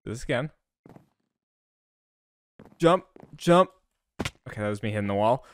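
A man's voice: mid-range voice, lively intonation, a little slow, dry recording. A man giving casual gameplay commentary to his viewers, talking to himself, often frustrated and stumbling over restarts. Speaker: gaming YouTuber.

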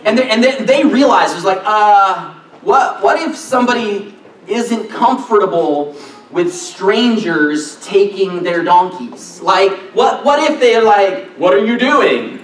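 Excitable man preaching in echoey church. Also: sits high, slow, a little hiss or hum. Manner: excitable, animated, self-interrupting. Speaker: pastor. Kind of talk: sermon. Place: church sanctuary. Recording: echoey church hall, distant mic.

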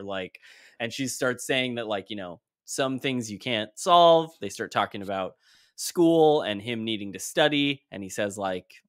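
A man's voice: on the low side, normal speed, a bit bright, dry recording. Male podcast co-host, conversational recap voice, dry close mic, retells scenes step by step. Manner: retells scenes in detail, quoting characters.

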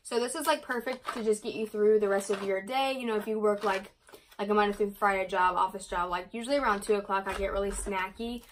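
A young woman chatting casually to her camera as a vlogger, quick and rambling, full of likes and ums. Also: mid-range voice, a little hiss or hum.

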